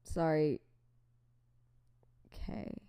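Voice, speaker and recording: A young adult woman co-hosting a podcast in casual chat, giggly, playful and quick to apologize. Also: warm tone. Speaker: podcast co-host.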